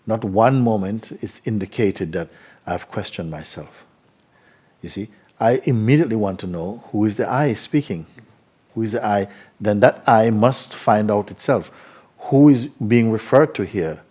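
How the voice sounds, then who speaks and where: A man giving spiritual teaching to a live audience, unhurried and probing with repeated questions. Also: fairly low pitch, warm tone, breathy edge.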